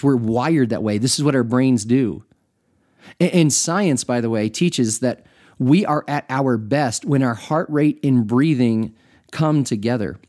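Male podcast host, middle-aged, mellow and warm, reflective and chatty, breaks into little asides. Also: mid-range voice. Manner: conversational, self-amused, with asides to the listener. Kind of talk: reflective spoken teaching.

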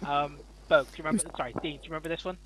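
A man's voice: on the high side, very fast, a bit bright, a little hiss or hum, rough recording. A man hosting a casual chat, laughing often and using many fillers. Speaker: podcast host.

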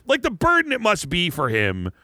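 Animated, laughing man on a bright dry podcast. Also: high-pitched, moderate pace, no room sound. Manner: rambling, animated, frequent "like" and laughter, playful mock voices. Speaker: podcast co-host. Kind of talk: casual comedic chat.

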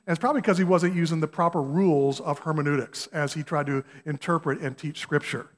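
Male guest preacher, slightly high voice, chatty and folksy, long hall echo. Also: quick pace. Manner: conversational, asks the congregation questions, folksy examples. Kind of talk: sermon. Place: church sanctuary.

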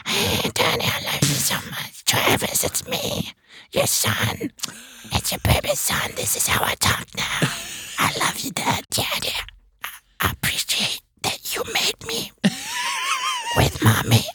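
A man voicing his pet dog as a cute, doting baby son, in squeaky baby talk that turns whispery at times. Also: huge pitch swings, takes it slowly, pushed and bright, exaggerated voice. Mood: gushing. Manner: gushing, sweet, whispery at times.

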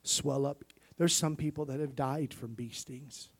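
A male pastor delivers a sermon with a husky, breathy voice at an average pitch. He swings from loud emphatic bursts to soft near-whispers, calling for amens along the way. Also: measured pace.

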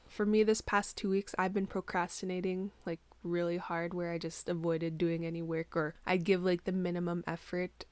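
A woman's voice: mid-range voice, dry recording. A woman hosting her own podcast from a small bedroom into a plugged-in mic, chatting casually and rambling with lots of "like", her morning voice a little groggy and congested. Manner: chatty, rambling, heavy use of "like". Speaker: podcast host. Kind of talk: casual solo podcast chat.

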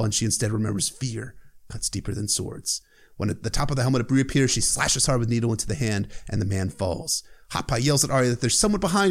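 A man hosts a podcast and recaps a book chapter in a loose, conversational way. He talks in a mid-range pitch and drops profane, irreverent asides as he goes.

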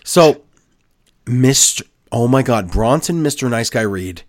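Podcast co-host, male, sarcastic and exasperated, animated delivery. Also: mid-range voice, measured pace. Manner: sarcastic, exasperated, mocks the booking with put-on quotes. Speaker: podcast co-host recapping wrestling. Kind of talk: casual podcast chat.

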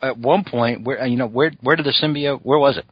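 A man hosting a podcast, chatting casually with many fillers and restarts and clearing a scratchy throat. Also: medium pitch, fairly quick, no echo, dull audio. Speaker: podcast host reviewing a cartoon. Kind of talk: casual chat.

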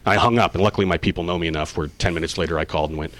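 A man in his forties, an actor being interviewed, telling stories casually and acting out quoted lines with big jumps in pitch. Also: fairly even intonation, rapid-fire, a bit bright, no room sound. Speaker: actor guest.

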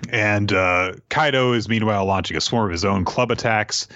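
A man hosting a podcast and casually recapping an episode in an animated way, with quick asides, on a dull lo-fi recording. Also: on the low side, dry recording. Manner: animated, retelling fight scenes with quick asides. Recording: dull lo-fi sound.

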